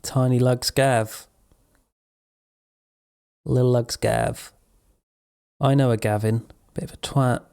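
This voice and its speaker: Suffolk-born male streamer, gravelly, meandering and dry. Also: medium pitch, steady tone, slow, pauses often, a little mellow. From Suffolk, England. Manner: rambling, wry. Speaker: live streamer. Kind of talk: casual chat.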